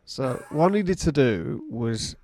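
A man's voice: medium pitch, lively intonation, slow pace, a little mellow, slight background noise. A young man, a podcast co-host, telling a story in casual chat and acting out his own quoted lines.

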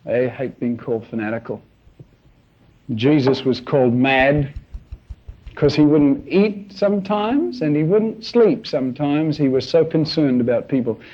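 Animated male preacher, lo-fi. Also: medium pitch, a little slow. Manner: animated storytelling with shouted sound effects. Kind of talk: sermon.

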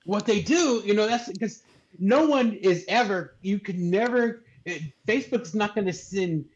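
A man's voice: high-pitched, expressive, a little slow, slightly rough, dull audio. A man co-hosting a radio morning show, telling crude stories and mocking scam callers in casual chat. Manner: crude, mocking storyteller acting out scam calls.

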